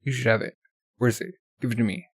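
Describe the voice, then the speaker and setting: A man reading the lines of a cold, possessive male president from a comic, in a flat read-aloud manner. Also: mid-range voice, quick pace, slightly rough, no echo, lightly acted. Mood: demanding.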